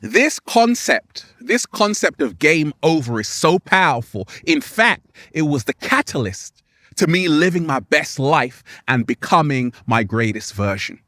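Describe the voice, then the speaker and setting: A man giving an animated, playful motivational vlog outdoors in nature, laughing often. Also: on the high side, a little slow, no room sound. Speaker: spiritual vlogger.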